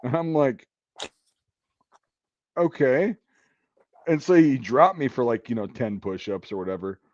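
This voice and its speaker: A man casually telling army stories with lots of swearing, acting out a drill sergeant's shouts. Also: medium pitch, lively intonation, a little fast, muffled recording. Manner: profane storytelling, acts out drill sergeant shouts. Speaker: podcast host. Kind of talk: casual chat.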